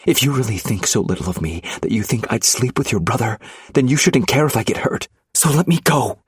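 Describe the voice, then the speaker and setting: A man's voice: moderate pace, breathy edge, dry recording, clean studio sound. A man voicing Viviana, an indignant young woman. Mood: furious. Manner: shrill, indignant, pleading. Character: fiery young woman, defiant wife. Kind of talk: audiobook reading.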